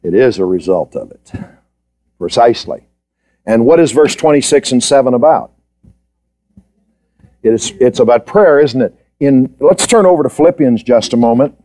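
Guy teaching a bible class, voice swoops up and down a lot, mellow tone, keeps asking the students questions. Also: medium pitch, expressive, moderate pace, long pauses. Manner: questioning the class, repeating points for emphasis. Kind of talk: Bible study lecture.

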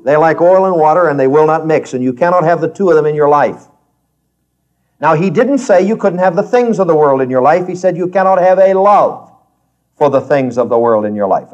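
A man's voice: a little high, a little mellow, highs cut off. A man teaching a Bible class in an earnest, emphatic, folksy way.

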